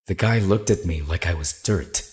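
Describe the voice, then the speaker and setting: An actor playing a blunt, sarcastic young man in an animated story, teasing dryly and turning quietly reflective when he speaks of his past. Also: deep voice, moderate pace, slightly rough.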